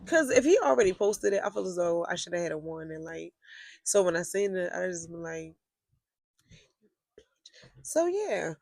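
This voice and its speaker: A woman's voice: fairly low pitch, brisk, creaky, a little mellow, no room sound. A young woman telling a storytime vlog in a casual, blunt and profane way, with heated outbursts. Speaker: vlogger.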